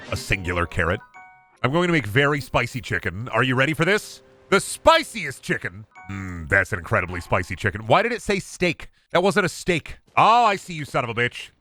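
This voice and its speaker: A young man streams a game with loose, excitable commentary, cursing often and bantering with himself and his chat. His voice swings widely in pitch and carries a bright, forward edge. Faint game music plays underneath. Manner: excitable, swears a lot, talks to himself and chat. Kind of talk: casual gameplay commentary.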